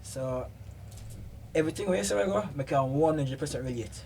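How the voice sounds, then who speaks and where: A man's voice: on the high side, expressive, fairly quick, creaky, warm tone, slight background noise. A male guest on a talk show, chiming in with easygoing agreement during a group chat.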